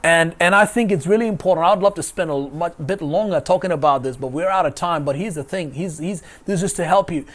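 A man's voice: a little high, fairly quick, hardly any pauses, fairly bright tone. Emphatic male pastor preaching online. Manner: emphatic, repeats key phrases. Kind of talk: online sermon. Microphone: video call.

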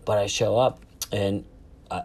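A man's voice: on the low side, fairly even intonation, a little slow, darkish tone, husky. A man in his thirties casually telling a travel story, rambling and swearing, with lots of fillers and restarts.

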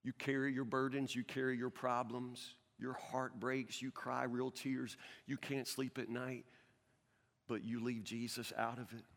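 A man preaching a sermon as pastor, earnest, with stammering restarts, swinging from loud to hushed. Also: medium pitch, flat delivery, a little slow, vocal fry, big-room sound.

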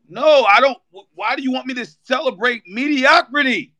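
A man co-hosting a fan show, ranting with heat and profanity, breaking into shouted bursts. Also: sits high, very animated, fairly quick, few pauses, dry recording. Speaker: podcast co-host. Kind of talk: heated fan rant on a live audio show.

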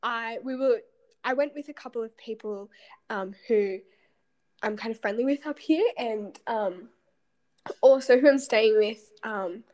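A young woman with a high, light voice tells a story at length on a casual podcast. She mocks herself and giggles often while she talks. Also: measured pace, a little mellow. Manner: giggly, self-mocking storytelling. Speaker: podcast co-host. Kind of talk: casual chat between friends.

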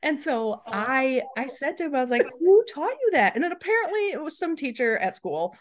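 A woman in her thirties co-hosting a podcast, telling funny parenting stories in an animated way and laughing often. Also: high voice, a little fast, slight background noise. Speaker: podcast co-host. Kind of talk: casual chat.

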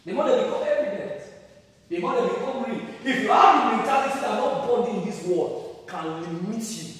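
In a large, heavily echoing hall with a long reverb tail, a Nigerian pastor preaches at a fairly quick pace, his high voice calling out questions and rising to loud, emphatic peaks. The mic is far from him, making the recording roomy and distant.

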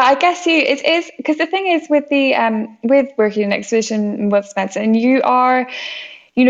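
A woman's voice: fairly high pitch, gravelly, highs cut off. A woman from the UK, an expedition doctor, talking casually in an interview, chatty and full of fillers. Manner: chatty, many fillers and restarts.

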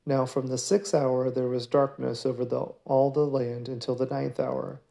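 A man giving a daily scripture reading in a measured, steady way. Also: medium pitch, creaky. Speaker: scripture reader.

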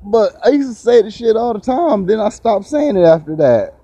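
Profane, animated man telling a story. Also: unhurried, husky, no echo. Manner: profane, laughs often, pitch leaps up when excited. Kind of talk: casual storytelling.

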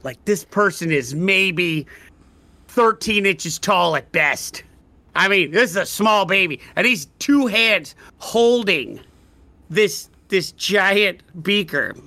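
Brief: male game master, bright tense voice, halting rambling narration. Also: high-pitched, lively intonation. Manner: rambling, halting descriptions full of fillers.

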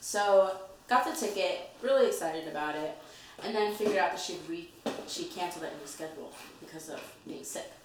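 Animated woman telling a story, echoey. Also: fairly low pitch, fairly quick. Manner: animated storyteller, laughs often. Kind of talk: casual chat. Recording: echoey room, far mic, faint noise.

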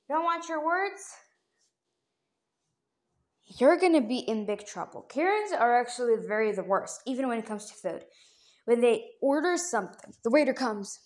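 A woman telling a rambling, casual story to her viewers, often jumping up in pitch and loudness. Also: lively intonation, moderate pace, pauses often. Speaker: vlogger.

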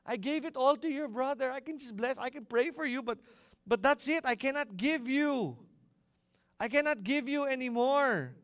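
A man's voice: very high voice, animated, moderate pace, fairly bright tone, smooth, dry recording, studio quality, pitched above the performer's own voice. A man voicing an old, dying, half-blind father in a retold scripture story. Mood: regretful.

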